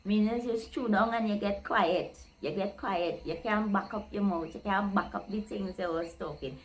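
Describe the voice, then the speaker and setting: A woman's voice: medium pitch, moderate pace, poor audio. Woman, vlog host, easygoing explainer who spells out each saying, mid-range voice. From Guyana. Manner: explains step by step, acting out quoted lines with lively voice shifts.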